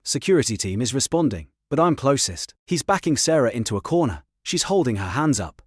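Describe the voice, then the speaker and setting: A man's voice: mid-range voice, sing-song, brisk, husky, dry recording, clean studio sound. A man reading a first-person story aloud in terse, clipped sentences. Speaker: story narrator. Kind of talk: scripted first-person narration.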